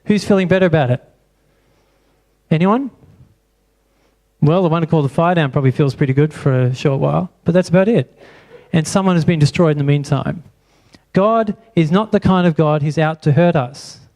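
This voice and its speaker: Brief: male pastor, fairly high voice, preaching and quizzing the congregation in church. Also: normal speed, darkish tone. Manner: asks the congregation many rhetorical questions. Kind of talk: sermon.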